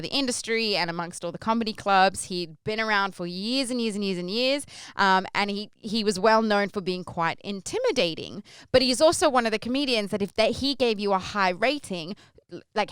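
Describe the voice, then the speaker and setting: A woman's voice: medium pitch, normal speed, clean tone, no echo. A young adult Australian woman hosting a podcast, telling a long story in a chatty, rambling way. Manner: chatty, rambling, lively when acting out her stage intros. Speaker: podcast host. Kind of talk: casual storytelling.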